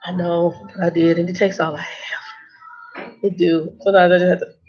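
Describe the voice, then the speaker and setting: A woman's voice: on the low side, moderate pace, faint music behind. A woman truck driver telling stories in a casual vlog, blunt and sarcastic. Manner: sarcastic, blunt, animated storytelling. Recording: dull lo-fi recording.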